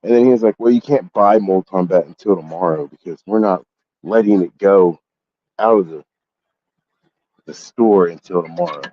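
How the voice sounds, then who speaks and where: A man's voice: deep voice, normal speed, long pauses, dull audio. A man hosting a collectibles vlog, telling a story in a heated, profane way. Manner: profane, heated storytelling, voice jumps up when angry. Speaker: collectibles channel host. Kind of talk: casual ranting vlog.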